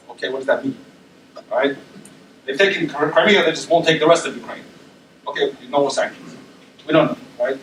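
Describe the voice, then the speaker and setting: In a lecture room, a male university lecturer presents conversationally, dropping ums and tag questions like "right?". His mid-range voice is brisk and fairly even, with long pauses. The mic is distant, giving roomy echo and a little hiss or hum.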